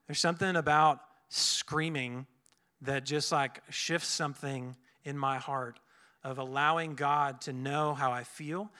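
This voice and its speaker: Bright-voiced young man preaching casually. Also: fairly high pitch, steady tone, a little slow, clean tone. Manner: earnest, casual, many fillers and restarts. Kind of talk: conversational sermon.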